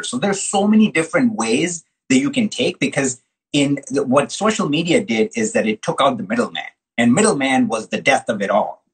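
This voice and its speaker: A man hosting a casual interview, talking in an animated, slangy way and calling his guest dude. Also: mid-range voice, breathy edge, poor audio. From from the US Midwest. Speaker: host, colorist.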